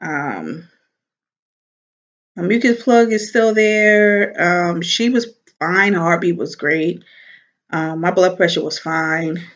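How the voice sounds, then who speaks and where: A woman chatting casually to camera as a vlogger, animated and laughing as she talks. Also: lowish voice, takes it slowly, dull audio.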